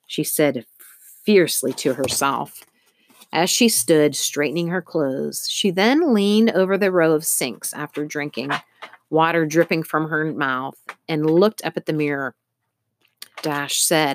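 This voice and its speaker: Low-voiced woman narrating a story. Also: unhurried, dry recording. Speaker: audiobook narrator. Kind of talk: scripted narration.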